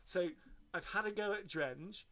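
A man's voice: high-pitched, a little slow. An older man telling rambling anecdotes in casual chat, cursing freely. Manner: lively rambling storyteller, swears freely.

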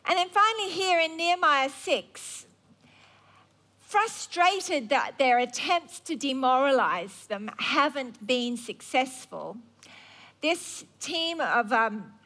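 Bright-voiced woman preacher, unhurried. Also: high-pitched, lively intonation. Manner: conversational storytelling with wry humor. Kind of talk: sermon.

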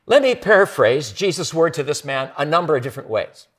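Male pastor, sermon delivery; high, lively voice that sinks to near-whispers for emphasis. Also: a little fast, few pauses. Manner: expressive preaching with dramatic soft drops.

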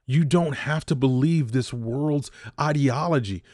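A man's voice: mid-range voice, measured pace, darkish tone, no room sound, studio quality. A man in his fifties hosting a podcast, delivering a heated opinion monologue that repeats points for emphasis. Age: 50s. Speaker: podcast host.

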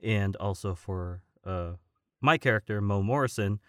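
A man who is a voice actor and stuntman, talking as a guest in a casual podcast interview, relaxed and rambling with many fillers. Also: fairly low pitch, measured pace, clear, resonant tone, dry recording, studio quality.

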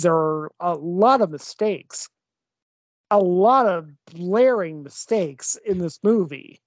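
A woman's voice: on the low side, a little mellow, dry recording. A woman co-hosting a movie podcast, giving a frank review with many fillers and hesitations. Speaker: podcast co-host.

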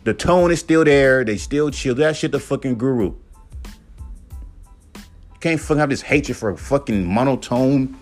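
A man's voice: mid-range voice, animated, a little slow, pauses often. A man hosts a solo podcast and rants in a loose, casual way. He is profane and emphatic, and he keeps slipping into mocking voices when he quotes other people. Faint music plays underneath him. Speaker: podcast host.

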